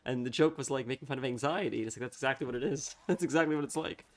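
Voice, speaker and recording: Man, casual gaming chat, rambling, thinks aloud, laughs easily, average pitch. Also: rapid-fire. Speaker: streamer.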